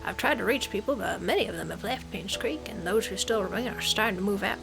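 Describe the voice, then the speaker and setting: A woman's voice: medium pitch, quick pace, gravelly, over music, lightly acted, low-quality recording. A woman doing a brooding hard-boiled gumshoe. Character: hard-boiled male gumshoe writing case notes.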